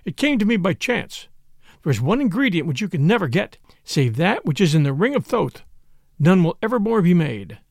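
A man's voice: high-pitched, big pitch swings, moderate pace, creaky, darkish tone, no room sound, clean studio sound, full character voice. A man reading an audiobook voices a mad, exultant male priest, wild and then cold and scornful. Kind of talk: audiobook character voice.

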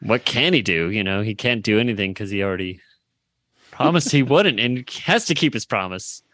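An easygoing man co-hosts a podcast and trades quick quips in relaxed chat. His voice is fairly low but has a bright, sharp edge, recorded close and dry. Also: no room sound. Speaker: podcast co-host. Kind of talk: casual chat.

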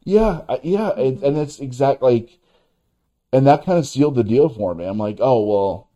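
A man co-hosting a casual film review chat, talking in halting bursts with many restarts. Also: mid-range voice, animated, mellow. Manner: halting, many restarts and fillers, laughs as he talks. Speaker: podcast co-host.

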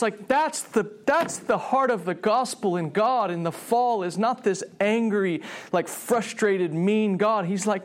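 A man preaching a sermon, animated, often restarting his phrases and acting out voices in the story. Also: measured pace, hardly any pauses. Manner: animated, acts out God's voice with rising pitch; frequent restarts and repeated words.

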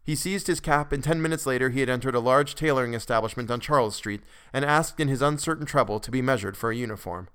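A man narrating a classic story for a podcast in a measured way, with occasional restarts. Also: medium pitch, a bit bright, smooth.

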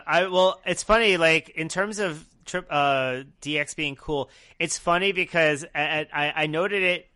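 A man with a bright, slightly high voice, co-hosting a loose podcast chat. He rambles through thoughts, giggles often and slips into mocking voices. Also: clean tone. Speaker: podcast co-host. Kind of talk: casual chat.

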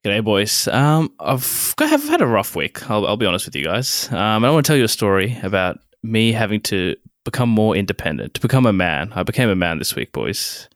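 Fast-talking young Australian man. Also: on the low side, no room sound, clean studio sound. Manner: animated, laughing, crude jokes. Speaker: podcast co-host. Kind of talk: casual banter storytelling.

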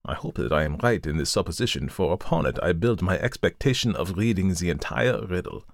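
A man reading as a calm, methodical detective. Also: sits low, gravelly, no room sound, studio quality. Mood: reasoning. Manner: measured, lecturing, reasoned. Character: calm, methodical male detective, middle-aged. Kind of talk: audiobook reading.

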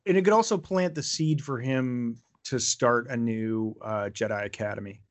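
A man's voice: medium pitch, moderate pace. A man co-hosting a fan podcast, chatting casually and circling back over his thoughts with playful asides. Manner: rambling, restarts thoughts, playful quips. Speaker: podcast co-host.

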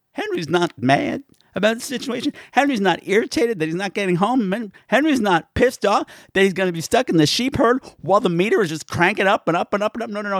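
Campy, animated man recapping a film. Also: high-pitched, no echo, studio quality. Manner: campy, playful, full of innuendo and asides. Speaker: podcast host. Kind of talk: comedic movie recap.

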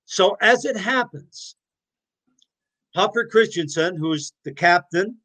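A man in his sixties telling his stories as an interview guest, animated, blunt and profane. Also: high-pitched, slow. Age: 60s. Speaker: interview guest, former hockey player. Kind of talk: casual storytelling.

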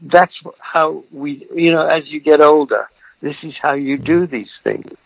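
Gravelly elderly man, muffled and dry. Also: fairly high pitch, a little slow, no room sound. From Britain. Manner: reflective storyteller, chuckles often, trails off mid-thought. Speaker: actor guest. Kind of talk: relaxed interview over a remote call.

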